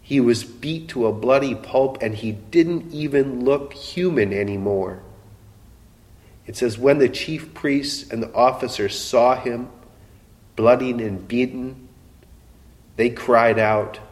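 A man preaching a sermon, slow and dramatic, voicing the questions of onlookers with rising emotion. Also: medium pitch, a little mellow. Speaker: pastor. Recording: long reverb of a large hall.

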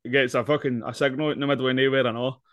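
A man's voice: mid-range voice, level tone, racing, no room sound, studio quality. A Scottish man co-hosting a casual film review chat, swearing and laughing as he talks. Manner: sweary, laughs often, chatty. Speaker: podcast co-host.

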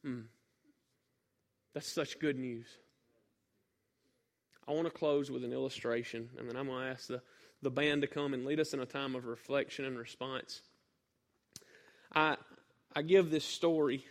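A man from northeast Mississippi with a Southern accent, preaching a sermon and telling a folksy story with sudden loud bursts. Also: mid-range voice, fairly even intonation, unhurried, pauses often.

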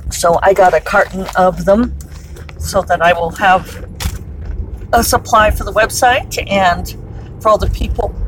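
A woman's voice: medium pitch, steady tone, measured pace, long pauses, background noise. A middle-aged woman chatting casually while driving, wry and talkative with laughing asides. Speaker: author podcaster. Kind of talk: casual commute vlog. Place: in a car, driving.

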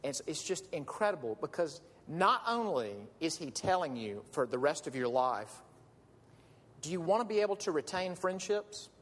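A pastor preaches a sermon in a church sanctuary, earnest and pleading, firing question after question at his listeners. His voice is fairly high and a bit bright, very animated, at a moderate pace. The long reverb of a large hall fills the recording.

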